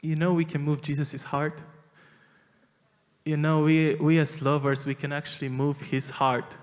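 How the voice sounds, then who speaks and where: A man's voice: fairly high pitch, flat delivery, a little slow. Earnest man preaching in a reverberant hall. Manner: earnest, emphatic preaching with frequent restarts. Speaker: pastor. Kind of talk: sermon. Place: large church hall.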